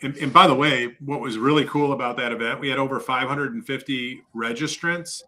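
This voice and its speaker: A male podcast guest laying out plans and numbers in an easy, upbeat, step-by-step way. His voice sits at an average pitch with a bright, pushy edge to it. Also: fairly quick, low-quality recording. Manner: explains step by step, lively and upbeat. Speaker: podcast guest, industry leader. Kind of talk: casual explanatory chat.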